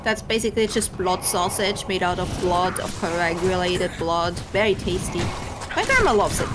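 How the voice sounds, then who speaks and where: A woman's voice: lowish voice, expressive, moderate pace, very noisy. Austrian-accented woman teasing on a game stream. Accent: Austrian German. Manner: blunt, teasing, laughs easily. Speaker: guest streamer. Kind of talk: casual chat while gaming.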